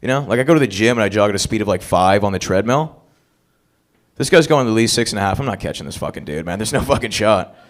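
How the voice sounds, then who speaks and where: Stand-up host, man, crude crowd-work, pitch jumping all over on a stage mic. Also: animated, fast. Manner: crude, profane, crowd-working banter. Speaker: open mic host comedian. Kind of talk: stand-up comedy hosting. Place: comedy club stage.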